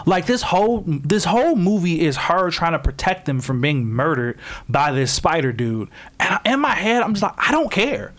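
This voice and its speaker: A man's voice: fairly high pitch, moderate pace. A man co-hosting a podcast, ranting profanely in a casual movie review chat and mimicking other voices. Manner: animated, profane ranting with mocking quoted voices. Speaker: podcast co-host.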